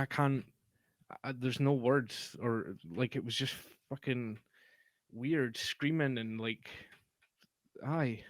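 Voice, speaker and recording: A man's voice: medium pitch, no echo. A man telling a story in a casual, sweary, rambling way on a podcast. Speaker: podcast co-host.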